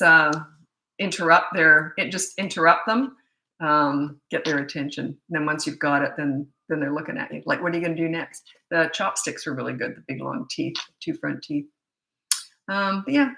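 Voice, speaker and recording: A middle-aged woman rambles through parenting questions, talking in a loose, chatty flow that keeps doubling back mid-thought. Her voice sits fairly low for a woman yet has a bright, forceful edge. The room around her rings with a roomy echo. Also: moderate pace, gravelly. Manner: rambling, chatty, often restarts sentences. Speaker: parenting coach. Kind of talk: casual Q&A answering viewer questions.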